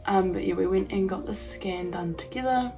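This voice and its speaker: A young woman vlogging to camera, telling a personal story in a halting way full of ums and likes. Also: medium pitch, warm tone, soft background music, poor audio.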